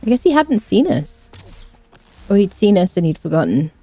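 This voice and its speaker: A woman's voice: mid-range voice, sing-song, normal speed, warm tone. A woman streaming a game, chatting casually, rambling, humming little tunes and answering her chat. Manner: chatty, rambling, hums and scats to herself, reads chat. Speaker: gaming streamer. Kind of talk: casual live-stream chat while playing.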